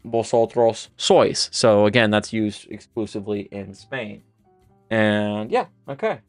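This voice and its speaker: Smooth-voiced man teaching Spanish live. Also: mid-range voice, dry recording, clean studio sound. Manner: casual, thinking aloud with fillers and restarts while writing on a board. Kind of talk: live-streamed language lesson.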